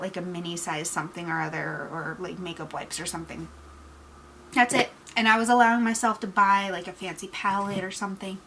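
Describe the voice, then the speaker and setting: A woman's voice: mid-range voice, sharp tone, a little hiss or hum, low-quality recording. Candid woman in a makeup vlog. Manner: candid, reflective, trailing off into pauses. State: teary-eyed. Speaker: beauty vlogger. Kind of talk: casual get-ready-with-me chat.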